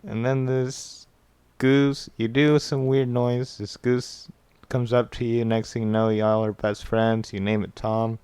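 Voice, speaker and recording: A young man hosts a podcast in casual chat, laid-back and joking, with a few swear words along the way. His voice is smooth and clear at an ordinary pitch, and the sound is dry with no room echo. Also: flat delivery, a little slow, few pauses, darkish tone. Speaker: podcast host.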